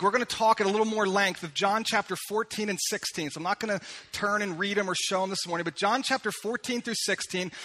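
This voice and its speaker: High bright-voiced male pastor preaching. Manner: conversational preaching, slows down when reading scripture. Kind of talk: sermon. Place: church sanctuary.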